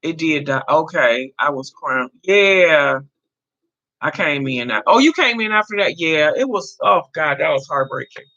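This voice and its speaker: A woman in her fifties hosts a laid-back live chat, responding to viewer comments as they come in. Her low voice is animated, bright and forceful, though she takes her time, and the audio sounds dull.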